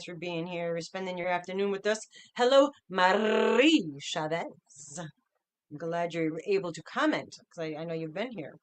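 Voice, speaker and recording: A woman's voice: medium pitch, clear, resonant tone. Chatty woman greeting livestream viewers. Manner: chatty, upbeat, greeting names one after another. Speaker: livestream host.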